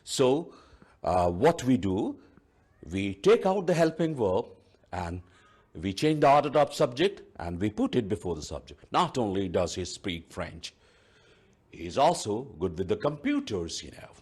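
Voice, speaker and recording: A male teacher, giving a deliberate televised grammar lesson and saying "you know" often. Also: on the low side, sing-song, darkish tone, slightly rough. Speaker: English teacher. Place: TV studio.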